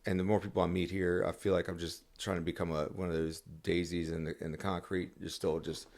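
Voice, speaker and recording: A man's voice: sits low, little pitch movement, brisk, vocal fry, a little mellow. A man talking as a songwriter guest on a podcast, rambling casually with many restarts and fillers.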